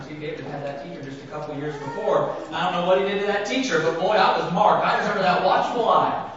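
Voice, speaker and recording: Over a crowd in the background, a pastor with a high voice preaches fast, constantly posing rhetorical questions to his congregation and acting out scripture with mounting emphasis. The recording is very echoey, distant, and dull.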